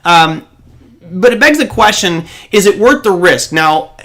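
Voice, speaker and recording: High-pitched guy hosting a trading stream, chatty, lots of ums while he walks through charts. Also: lively intonation, unhurried, fairly bright tone. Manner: conversational and explanatory, with frequent ums and restarts. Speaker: host of a trading show. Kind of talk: live market commentary.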